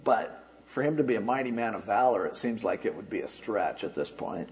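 A man's voice: fairly low pitch, animated, a little fast, rough recording. A man pastor preaching an expository sermon, explaining in a conversational way with wry asides.

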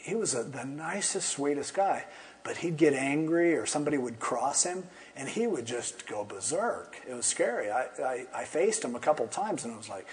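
A pastor teaching a Bible passage in an easygoing, conversational way, retelling the story with humorous asides. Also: male voice, mid-range voice, animated, normal speed.

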